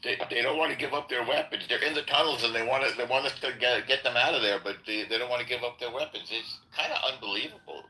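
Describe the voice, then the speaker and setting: A man in a live audio chat room, talking sarcastically and in quick bursts. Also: mid-range voice, bright, forceful tone, low-quality recording. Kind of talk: casual political chat.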